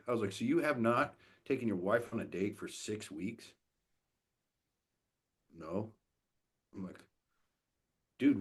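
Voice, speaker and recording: A man's voice: mid-range voice, slightly rough. A man speaking as a podcast guest, a coach for fathers, talking bluntly with lots of swearing and acting out what other people say. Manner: blunt and profane, acts out quoted dialogue. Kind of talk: casual podcast conversation.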